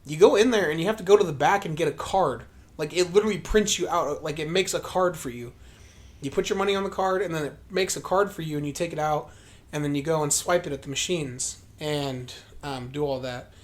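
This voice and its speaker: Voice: mid-range voice, a little fast. A podcast co-host telling a story in casual chat, rambling and profane with lots of fillers, acting out their own past remarks in a livelier voice.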